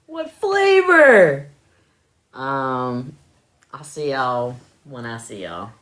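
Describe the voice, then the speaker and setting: A woman hosts a casual live stream from home, speaking into her phone. Her voice sits low and moves slowly. Its tone stays bright and crisp, and she chats loosely with plenty of fillers. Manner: chatty, laughs often, drawling filler-heavy talk. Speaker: livestream host.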